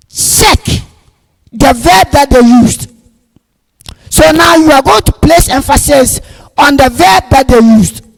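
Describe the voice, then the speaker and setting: A man with a very high, gravelly voice teaching grammar at a deliberate, unhurried pace. He repeats each point and punches key words loudly. A long reverb trails behind every phrase. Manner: slow and repetitive, stressing key words loudly. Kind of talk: classroom grammar lesson. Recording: long reverb, echoey room.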